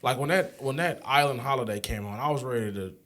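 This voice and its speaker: A man's voice: mid-range voice, fast talker, fairly bright tone. Blunt man reviewing an album. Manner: blunt, repeats himself while telling a story. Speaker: podcast co-host. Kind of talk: casual album review chat.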